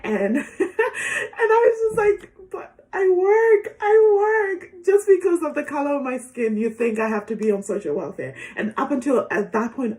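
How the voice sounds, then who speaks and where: A young woman with a slightly high voice tells a personal story in a casual, chatty way, with many fillers and soft laughs.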